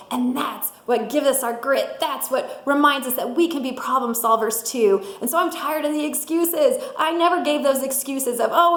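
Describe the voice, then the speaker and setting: A middle-aged woman giving an energetic motivational talk, laughing often and acting out little quotes. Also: sits high. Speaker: sales director giving a mindset talk. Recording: roomy echo.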